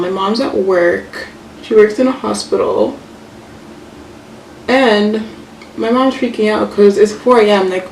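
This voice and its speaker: A young woman vlogger telling a story casually while doing her makeup, chatty and animated, full of fillers and swearing. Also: medium pitch. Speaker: beauty vlogger. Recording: echoey room, mic far off, faint hiss.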